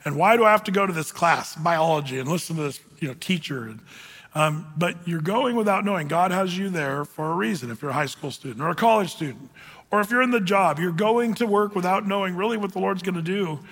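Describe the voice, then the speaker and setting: A man preaching a conversational sermon, with many fillers and slow scripture readings. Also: high voice, animated, a bit bright, slightly rough, big-room sound. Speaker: pastor.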